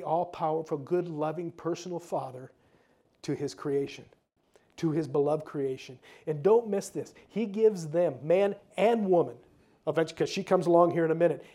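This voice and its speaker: A man's voice: a little high, warm tone. A male pastor preaching a conversational sermon, with casual asides and repeated words.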